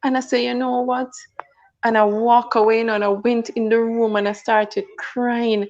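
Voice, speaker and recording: Earnest woman giving a flat-toned testimony. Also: on the high side, normal speed, lo-fi sound. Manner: earnest, repeats herself and restarts phrases. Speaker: guest sharing a testimony. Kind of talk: personal testimony in a radio talk interview.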